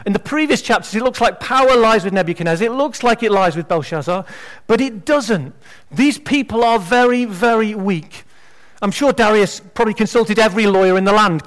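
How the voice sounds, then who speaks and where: Preaching a sermon a little fast, a man with a notably high voice speaks in an animated, conversational manner. He slips wry, humorous asides in between his points.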